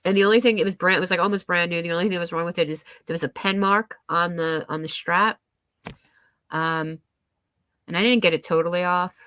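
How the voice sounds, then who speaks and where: A woman's voice: low-pitched, pushed and bright, dry recording. A woman chatting casually on her live stream, rambling with lots of fillers and restarts, her nose a little stuffy. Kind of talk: casual chat.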